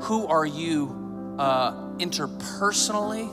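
A man's voice: on the high side, expressive, slow pace. Pastor, man, 30s; conversational sermon with jokes, emphatic build-ups; hall reverb, faint music under. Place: church sanctuary.

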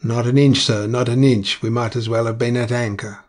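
A man voicing a gruff, red-faced male ship's mate with a hoarse voice and curt, growling orders. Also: mid-range voice, fairly even intonation, moderate pace, a little mellow, natural voice. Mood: deferential.

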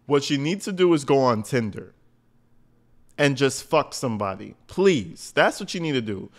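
A man's voice: medium pitch, lively intonation, normal speed. A man giving profane reaction commentary, blunt, crude and mocking.

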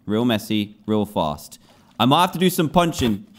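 A man's voice: on the low side, very animated, moderate pace. A man giving gameplay commentary, scolding and pleading with the characters in his game. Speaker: gaming video host.

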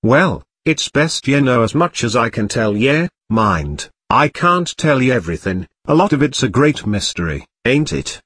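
A man voicing an excitable gruff giant groundskeeper with a broad rural dialect, reading a story. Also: medium pitch, normal speed, few pauses, dry recording. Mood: hesitant.

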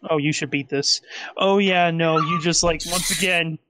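A man narrating as game master in a tabletop game, rambling and animated, with many fillers. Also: on the high side, moderate pace, background noise.

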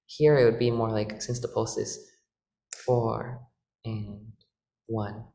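A man with a gravelly, creaky voice teaches at the organ, patiently walking through music theory and often correcting himself. The sound is echoey and roomy, with the organ heard behind him. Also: on the low side, little pitch movement, slow pace, dark tone. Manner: patient, explanatory, with frequent fillers and self-corrections. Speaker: organ workshop presenter. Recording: echoey room with organ playing.

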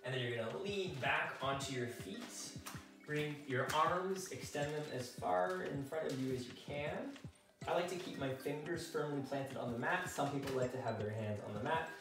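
Speaking at a moderate pace in a slightly high voice, this man is recorded from a distance. He's a kids' fitness instructor from a French-speaking background who runs a workout at home, staying upbeat and encouraging while counting reps and directing stretches. Faint music can be heard in the echoey space, with the mic positioned back.

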